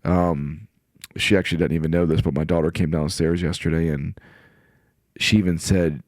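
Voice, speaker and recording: A man's voice: low-pitched, steady tone, moderate pace, a little mellow, no echo, studio quality. A middle-aged man, a podcast guest, telling personal stories in casual chat with an earnest, emotional manner. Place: podcast studio.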